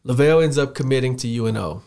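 A man's voice: mid-range voice, quick pace. A man from Chicago, a football coach guest on a podcast, telling stories casually and acting out the voices of people he quotes. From Chicago, USA. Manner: animated storyteller who acts out quoted dialogue. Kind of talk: casual storytelling interview.

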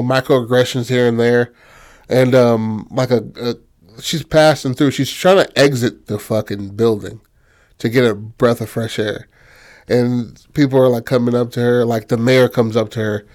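A man casually pitching a film story, loose and profane, full of fillers, acting out characters in quick bursts. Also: fairly even intonation, darkish tone.

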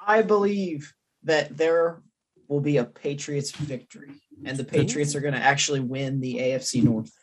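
A man co-hosting a casual sports chat, hesitant and halting when he speaks. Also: a little high, fairly even intonation. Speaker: co-host.

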